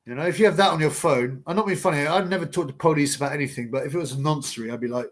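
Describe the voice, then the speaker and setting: A man's voice: on the high side, racing, few pauses. A man hosting a casual live boxing chat, rambling and blunt with slang. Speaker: livestream host.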